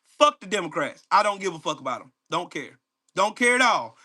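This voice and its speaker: A man's voice: high voice, sing-song, fairly quick, pushed and bright. Angry profane man ranting at live chat. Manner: profane, mocking, confrontational. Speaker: livestream host.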